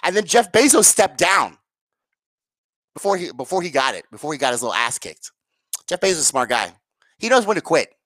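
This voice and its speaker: A woman's voice: sits low, very animated, brisk, pauses often, fairly bright tone, no echo. A woman ranting to her viewers as a political commentator, sarcastic, profane and exasperated. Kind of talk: angry political rant to viewers.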